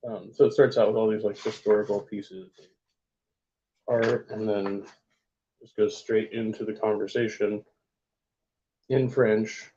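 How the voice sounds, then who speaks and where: A man casually reading book passages aloud in a vlog, with offhand asides and halting attempts at French. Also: fairly low pitch, level tone, dark tone, highs cut off, slight background noise. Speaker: vlogger.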